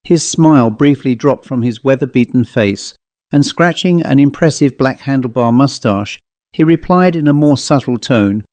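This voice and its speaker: An older man reads a ghost story in a measured, formal way, his voice mellow and dark. The recording is dry and close to the mic. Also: medium pitch, no echo. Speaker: narrator. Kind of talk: scripted ghost story narration.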